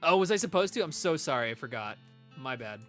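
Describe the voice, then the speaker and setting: A chatty male streamer talks through a game and to his chat, laughing easily. His voice is bright and fairly high, and his pitch moves a lot. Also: sing-song, quick pace, faint music behind. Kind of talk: casual let's-play commentary.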